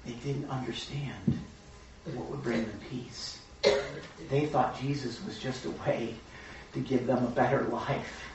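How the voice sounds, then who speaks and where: A man leading a group Bible study, teaching excitedly and acting out voices of the crowd as he goes. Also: medium pitch, a little hiss or hum. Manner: excitable, acts out crowd voices, talks fast in bursts. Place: room with a small study group. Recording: echoey room, distant mic, dull lo-fi sound.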